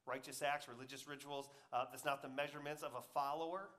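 A man preaching a sermon, swinging between loud emphatic peaks and quiet, intimate asides, and acting out quoted voices in a conversational way. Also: mid-range voice, fairly even intonation, fast. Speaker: pastor.

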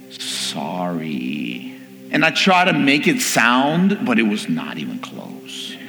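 Animated male preacher in a reverberant hall. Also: medium pitch, drawn-out words, creaky, pauses often. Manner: animated storytelling, acting out family members. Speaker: pastor. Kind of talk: sermon with personal stories. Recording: long hall reverb with faint music.

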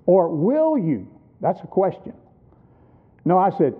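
A man's voice: high voice, wildly swooping pitch, takes it slowly. A man in his sixties preaching a sermon at a missions conference, emphatic and teaching with rhetorical questions. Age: 60s. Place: church. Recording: tinny phone-like sound.

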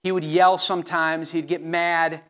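Earnest higher-voiced male pastor preaching. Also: little pitch movement, unhurried, fairly bright tone, clean tone. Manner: earnest, pleading, with many restarts. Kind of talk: sermon.

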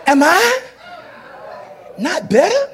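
A clueless but doting husband coaxes his wife gently, as a preacher acts him out. The voice is soft and high and bends up and down. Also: huge pitch swings, slow pace, a faint crowd, exaggerated voice. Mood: coaxing. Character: clumsy doting husband, man, well-meaning.

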